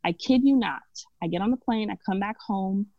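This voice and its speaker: A woman's voice: mid-range voice, fairly quick, no room sound. A woman from Brooklyn, guesting on a podcast and telling her story candidly in a chatty way, often laughing. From Brooklyn, New York. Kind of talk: casual podcast conversation. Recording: dull lo-fi dry sound.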